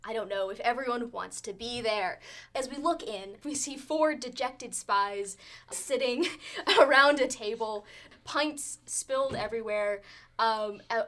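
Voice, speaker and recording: Bright-voiced woman game master. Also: a little high. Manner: lively, giggly scene-setting with many fillers. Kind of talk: narrating a tabletop game.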